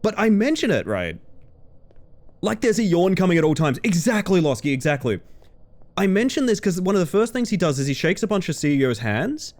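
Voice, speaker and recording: A man's voice: sits high, very animated, fairly quick, a little mellow. A man chatting casually with his viewers while he streams a game, rambling and laughing easily. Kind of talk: casual gaming-stream chat.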